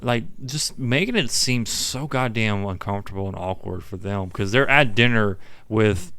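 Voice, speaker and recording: A man co-hosts a podcast and retells film scenes in an easy, offhand way, chiming in with jokes. His voice is low, smooth and resonant. It is recorded close and dry. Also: normal speed, dry recording. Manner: relaxed, chimes in with quips, corrects himself. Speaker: podcast co-host. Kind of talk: casual film recap chat.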